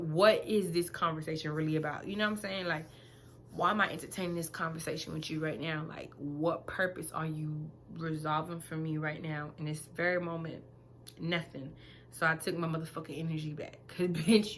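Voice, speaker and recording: Young pregnant woman venting on her vlog, lowish voice, cussing a lot, loud then quiet, bit of room hiss. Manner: blunt, profane, animated, jumps between loud outbursts and quiet asides. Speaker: vlogger. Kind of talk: casual storytime rant.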